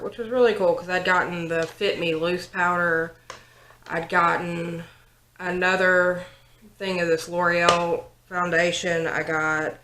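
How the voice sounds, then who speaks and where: A young woman chats through a makeup routine, telling a story with plenty of likes and ums. Her voice is bright and pitched a little low for a woman. The sound carries the echo of a bare room. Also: a little hiss or hum. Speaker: vlogger, 911 operator. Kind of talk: casual get-ready-with-me chat. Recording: roomy home recording.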